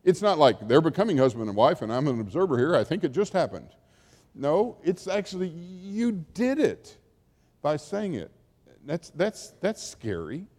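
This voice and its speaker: A man's voice: on the high side, very animated, moderate pace, a little mellow. A man preaching a sermon as a pastor, in a conversational storytelling way that acts out quotes. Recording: long hall reverb.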